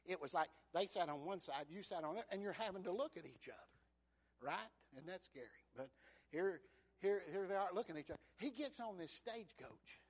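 High-voiced preacher, folksy. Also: male voice, a little fast. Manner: folksy, asks the congregation "amen?" and retells scripture as lively dialogue. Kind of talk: sermon.

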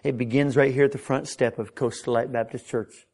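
A middle-aged man preaching a sermon in a church. His delivery is impassioned, with frequent stammered restarts, and his pitch climbs when he gets stirred up. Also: steady tone, a little fast, darkish tone. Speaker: pastor. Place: church sanctuary.

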